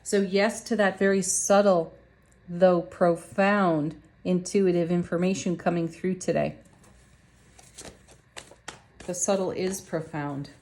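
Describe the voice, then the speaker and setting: A woman's voice: fairly low pitch, steady tone, measured pace, darkish tone. Chatty woman giving a tarot reading. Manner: chatty and upbeat, laughs often, talks to viewers directly. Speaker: tarot reader. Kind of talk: casual tarot card reading.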